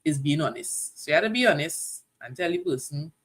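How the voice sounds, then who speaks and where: A woman co-hosting a live relationship talk show, talking straight to her viewers in animated casual chat. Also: low voice, a little fast, crowd noise. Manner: animated, addresses viewers directly.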